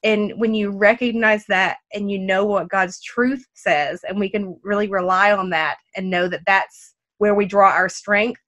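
A woman hosts a faith podcast, speaking earnestly and encouragingly, with a laugh slipping in now and then. Her pitch sits right in the middle for a woman. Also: steady tone, a little slow, hardly any pauses, fairly bright tone, dull audio. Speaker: podcast host. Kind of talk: faith-based podcast conversation.

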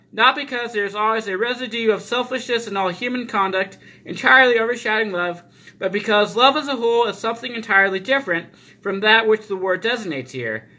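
A man preaching a sermon, reading deliberately and slowing down to stress repeated phrases. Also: very high voice, sharp tone. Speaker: pastor.

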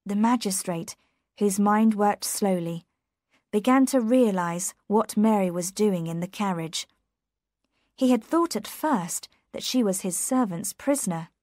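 Woman reading a graded reader slowly. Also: medium pitch, a little mellow, no echo, clean studio sound. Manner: slow, careful and clear. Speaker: narrator. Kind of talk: graded reader audiobook narration.

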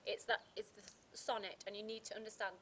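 A woman teacher, talking through a poem in a casual revision chat, pausing often with ums and restarting her sentences. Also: medium pitch, flat delivery, pushed and bright, slight background noise. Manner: hesitant, many fillers and restarts.

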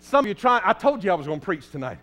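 A man with a Southern US accent preaching a fervent sermon as pastor in a church, often rising to a shout. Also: high-pitched, very animated, racing. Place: church sanctuary.

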